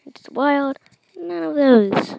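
A woman's voice: sits high, animated, slow, gravelly, mellow, dry recording, poor audio. A teenage girl reading her own story aloud and chatting afterward in a rambling way.

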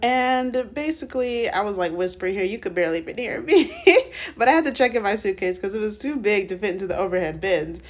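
A woman's voice: medium pitch, lively intonation, quick pace. A young woman vlogging a trip in a casual, chatty way, slangy and laughing often, at times out of breath. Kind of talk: casual travel vlog.

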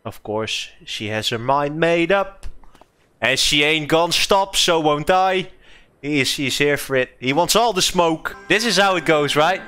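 A young man, not a native English speaker, giving casual, excitable let's-play commentary, laughing often and swearing. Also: a little high, measured pace, smooth, faint music behind. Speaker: streamer playing a game.

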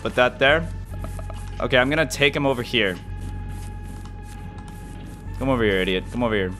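Jumpy, excitable young gaming guy. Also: medium pitch, normal speed, faint music behind. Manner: jumpy and excitable, yelps and mutters to himself. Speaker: gaming video host. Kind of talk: casual gameplay commentary.

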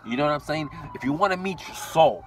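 A man's voice: a little high, lively intonation, fast, distant mic, noisy background. A man from Iran delivering a blunt, profane motivational rant as a vlogger, constantly swearing and tacking "dude" onto his lines. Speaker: vlogger and business owner.

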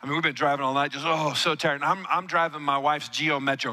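A middle-aged man preaching in a church with a high, very bright voice. He moves from quiet asides into animated storytelling and calls on the congregation to answer him. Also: fast talker, few pauses. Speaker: pastor. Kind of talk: sermon.

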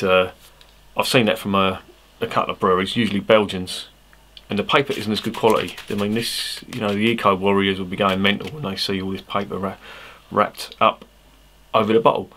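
Speaking in a lowish voice with a sharp tone, a man casually reviews a beer, swearing plenty and poking fun at himself in a blunt, chatty way. A little hiss or hum is audible, and he uses his original microphone instead of a clip-on.

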